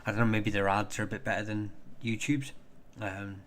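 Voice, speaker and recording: A man hosting a casual livestream and chatting with viewers in a rambling, halting way, with many fillers and restarts. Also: on the low side, level tone, fairly bright tone. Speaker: livestream host.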